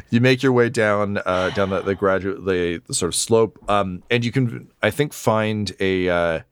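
A man with a low voice guides a tabletop game as its game master. He rambles and jokes with many ums and uhs, and the sound is dry and close. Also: takes it slowly, clear, resonant tone, no room sound. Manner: rambling, joking, lots of fillers. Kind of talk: narrating a tabletop game podcast.

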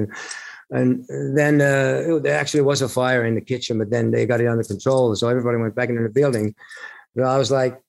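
A man, a musician guest, telling stories in an interview with a halting, rambling delivery full of restarts and laughs. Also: mid-range voice, creaky. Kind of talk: storytelling in an interview.

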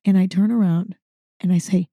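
Her voice lowish and her speed normal, a woman hosting a podcast recounts a story in a casual, animated manner, dropping "like" often. There's no echo.

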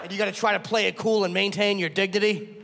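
A man's voice: high-pitched, flat delivery, fast, vocal fry, loud music behind the voice. A male stand-up comedian doing a crude, self-mocking set, breaking into acted voices for his bits. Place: comedy club stage before a laughing audience. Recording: echoey live room with audience noise.

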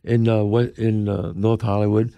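Gravelly older New York man. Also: fairly low pitch, moderate pace, no room sound, muffled recording. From the Bronx, New York. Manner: lively, emphatic storyteller who acts out the people he quotes. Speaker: guest. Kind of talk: animated storytelling.

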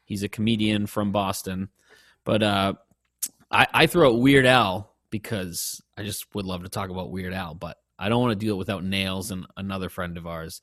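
A man co-hosting a casual podcast, with a somewhat low voice. He rambles, swears freely and gets excited. The sound is dry and close. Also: normal speed, dry recording. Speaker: podcast co-host.

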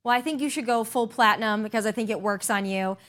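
A woman's voice: a little high, quick pace, a bit bright. A woman hosting a political talk show, with an upbeat, punchy delivery. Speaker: host.

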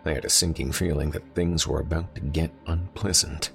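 A man narrating a first-person horror story with measured, tense pacing. His voice is extremely deep with a gravelly edge, and soft music plays underneath. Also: fairly even intonation.

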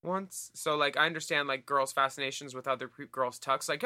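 A man's voice: mid-range voice, steady tone, brisk, bright, forceful tone, smooth, dry recording, studio quality. A man co-hosting a podcast with crude, sardonic jokes in casual banter. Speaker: podcast co-host.

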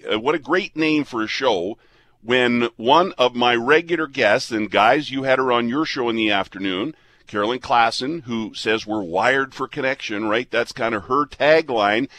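A radio host from Canada in his fifties, speaking in a plain middle-pitched voice. He talks earnestly and rambles, restarting his sentences often. The sound is that of a studio. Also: a bit bright. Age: 50s. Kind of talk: casual on-air chat.

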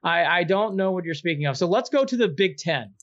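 A man's voice: sits high, expressive, brisk, a bit bright, no echo, highs cut off. A man hosting a sports betting picks segment, teasing his co-host with playful, fan-boyish chatter. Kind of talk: casual sports betting banter.

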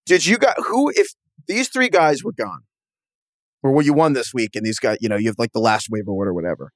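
New York man, podcast host, jokey quick chatter, middle pitch, dry close mic. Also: lively intonation, dry recording. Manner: quick, joking, laughs often. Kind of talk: casual sports podcast chat.

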